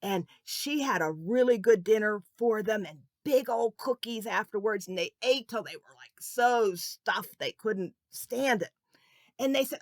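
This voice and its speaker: A woman narrating a children's Bible story in an animated way, asking the young listeners questions. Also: medium pitch, a little slow, no echo.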